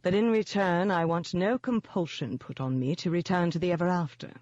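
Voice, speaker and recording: Narrator voicing a silky, cultured gentleman demon. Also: medium pitch, dry recording, lo-fi sound, close to an everyday voice. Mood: silky menace. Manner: slow, smooth, taunting delivery. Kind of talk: audiobook character voice.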